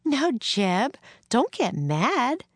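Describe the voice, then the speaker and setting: A woman's voice: fairly high pitch, big pitch swings, extremely slow, no echo, voice pushed up, full character voice. A woman doing a kind frontier schoolteacher. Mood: kindly. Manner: gentle, encouraging, a little proper.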